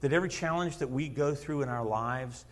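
A man in his fifties preaching a sermon in a church, telling stories in an animated way, acting out quotes and laughing often. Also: mid-range voice, fairly quick. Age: 50s. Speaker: lay preacher and schoolteacher. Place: church sanctuary. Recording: long reverb of a church hall.

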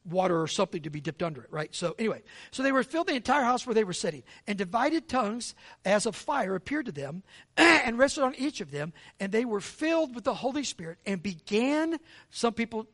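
A man's voice: high-pitched, fairly bright tone. A man preaching a sermon in a conversational way, often checking in with the congregation and speeding through asides. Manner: conversational, asks the congregation for agreement with repeated "right?". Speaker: pastor.

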